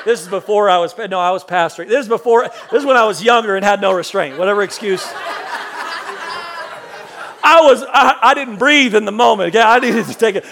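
A middle-aged male pastor giving a sermon as comic storytelling, animated and jokey, acting out loud outbursts. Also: high-pitched, normal speed, creaky, slight background noise.

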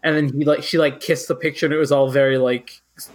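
A man's voice: fairly high pitch, steady tone, fast. A young man co-hosting a podcast, chatting casually with a joking, slangy manner. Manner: joking, slangy, mocking impressions. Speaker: podcast co-host. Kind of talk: casual chat.

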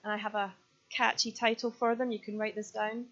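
A woman's voice: on the high side, flat delivery, fairly quick, fairly bright tone. A Scottish woman in her thirties preaching a sermon, joking with the audience and then speaking with earnest urgency. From Scotland. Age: 30s. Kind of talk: sermon with props and stories. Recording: slightly dull, lo-fi sound.

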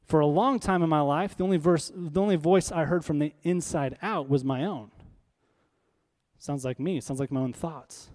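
A man's voice: on the high side, normal speed, a little mellow. A man preaching a sermon as pastor, in a conversational, emphatic style full of rhetorical questions.

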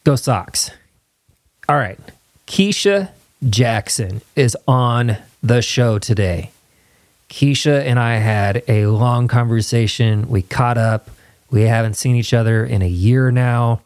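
A man's voice: medium pitch, slow, darkish tone, no echo. Man, podcast host, chatty and earnest, dry close studio sound. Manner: rambling, earnest, chatty with laughs. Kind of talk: casual solo intro then interview. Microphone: studio microphone with headphones.

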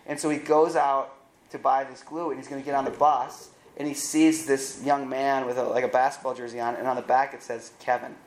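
A man's voice: a little high, roomy sound, slight background noise, rough recording. Man retelling a film in a sermon. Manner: animated retelling with wry asides. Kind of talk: sermon storytelling.

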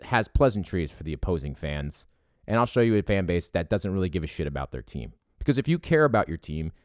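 A man's voice: low-pitched, darkish tone, no room sound, studio quality. A man from Philadelphia with a Philadelphia accent, delivering a profane, heated opinion rant about sports fans.

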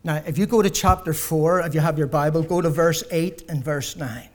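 A man preaching a sermon to a congregation, building to loud emphatic peaks and then dropping low, with repeated rhetorical questions. He gets short of breath as he goes. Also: normal speed.

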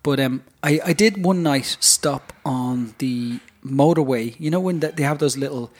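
A man's voice: medium pitch, unhurried. A man co-hosting a podcast, chatty and joking in casual conversation. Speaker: podcast co-host. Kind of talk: casual chat.

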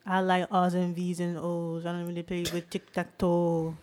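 A woman's voice: fairly low pitch, monotone, background noise. Chatty woman on a podcast. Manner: chatty, playful, quick to tease. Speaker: podcast co-host. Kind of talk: casual chat.

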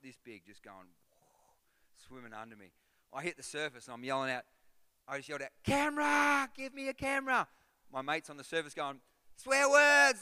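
A man preaching a sermon, telling a personal story and building to loud, repeated calls. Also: medium pitch, clean tone. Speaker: pastor. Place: large church hall. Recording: long hall reverb.

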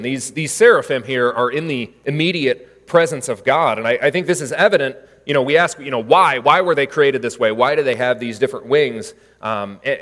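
A pastor with a mid-range, fairly bright voice preaches a sermon in a large hall. His style is conversational, with frequent fillers and restarts.

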